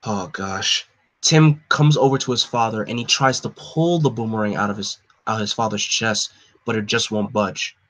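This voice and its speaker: A man's voice: on the low side, moderate pace, a bit bright. A young man hosting a live comic reading, talking casually and hesitantly with fillers. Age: young adult. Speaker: host reading a comic aloud.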